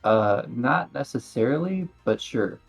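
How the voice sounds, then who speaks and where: A man's voice: mid-range voice, animated, measured pace, gravelly, husky, soft background music. A man playing in a tabletop game, describing his character's moves hesitantly and filling gaps with "like.". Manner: hesitant, hedges with many likes. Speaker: player. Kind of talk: casual tabletop play.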